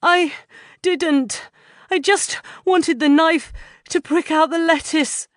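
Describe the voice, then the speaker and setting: A man's voice: sits high, big pitch swings, normal speed, fairly bright tone, no room sound, studio quality. A woman voicing an agitated, distressed man fixated on a knife, pleading and repeating himself. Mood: whimpering. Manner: pleading, repetitive chanting.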